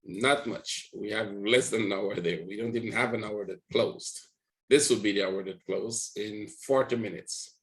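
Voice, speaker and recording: A man's voice: fairly low pitch, normal speed, fairly bright tone, poor audio. A man teaching trading live, walking viewers through price charts in a rambling way and checking in with them often. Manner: rambling, talks to viewers with frequent "right?". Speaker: trading educator.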